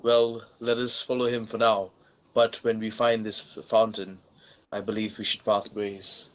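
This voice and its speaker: A man's voice: lowish voice, level tone, measured pace, close to an everyday voice, low-quality recording. A man voicing a male adventurer who speaks in a formal, old-fashioned, grandiose way. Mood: solemn. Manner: archaic, grandiose speech.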